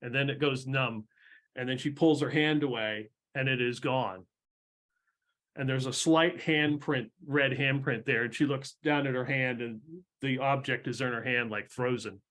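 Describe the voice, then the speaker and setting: A man's voice: mid-range voice, normal speed, a bit bright. A man running a tabletop game, narrating in a loose, casual way with plenty of fillers. His voice sits in an ordinary middle range. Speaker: game master.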